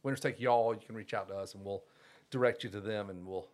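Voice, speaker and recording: A man co-hosting a casual podcast, teasing the others with quick banter. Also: on the low side, fairly even intonation, a little mellow. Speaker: podcast co-host. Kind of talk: casual chat.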